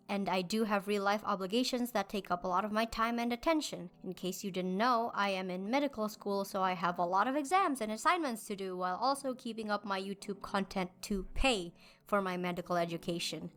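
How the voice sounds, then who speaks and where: Measured woman narrating commentary. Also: medium pitch, a bit bright. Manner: measured, explanatory. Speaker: YouTube commentary host.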